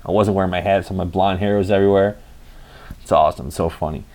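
A man's voice: deep voice, steady tone, fast talker, a little mellow. A young man telling a rambling story in a casual vlog, cursing freely and acting out the dialogue. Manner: rambling, profane, acts out quoted dialogue. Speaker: vlogger.

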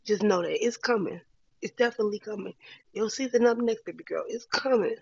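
A woman's voice: mid-range voice, a little fast, creaky, husky, dull audio. A woman talking candidly to her viewers in a casual vlog, encouraging and full of slang. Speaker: vlogger. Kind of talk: casual heartfelt talk to camera.

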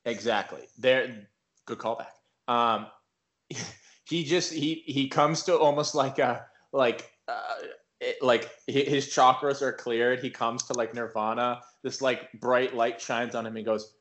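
A man's voice: medium pitch, unhurried, fairly bright tone. A man hosting a podcast in casual, rambling chat. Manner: laid-back, rambling. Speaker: podcast host.

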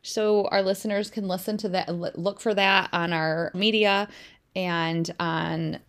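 Woman co-host in her thirties, casual, animated storyteller for a faith podcast. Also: fairly low pitch, measured pace. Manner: chatty storyteller, warm and animated.

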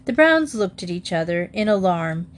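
A woman narrating a children's storybook aloud in a measured, expressive way. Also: on the low side, a little hiss or hum. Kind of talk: audiobook narration.

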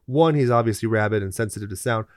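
A man's voice: on the low side, fast talker, no echo. A man co-hosting a podcast, recapping a movie with dry, wry jokes. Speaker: podcast co-host. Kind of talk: casual movie recap chat.

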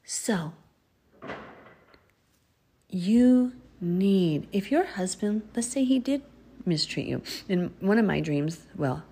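A middle-aged woman giving informal religious teaching, earnest and exhorting, sometimes dropping to a breathy whisper for emphasis. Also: mid-range voice, animated, takes it slowly, long pauses, warm tone, a little hiss or hum. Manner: earnest, exhorting, with laughs and asides. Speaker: preacher.

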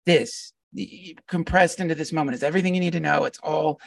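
A man, a podcast guest, telling a heartfelt personal story in an animated, earnest way and often laughing. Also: on the high side, fast talker, creaky, dry recording, distant mic. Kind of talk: casual storytelling conversation.

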